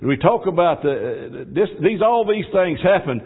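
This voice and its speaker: A man preaching a sermon. He moves between quiet, folksy asides and loud, fervent exhortation. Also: a little high, expressive, normal speed, slightly rough. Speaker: pastor. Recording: tinny phone-like audio.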